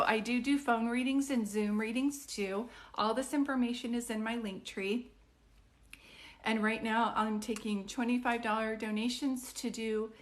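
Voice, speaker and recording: A woman doing psychic readings on a live stream, chatting with viewers in an excitable, rambling way. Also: a little high. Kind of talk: casual live-stream chat.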